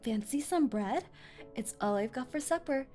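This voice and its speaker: A woman voicing a blunt, friendly young girl from East London with a slangy, softer, lower voice than her own. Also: lively intonation, normal speed, faint music behind. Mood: chatty.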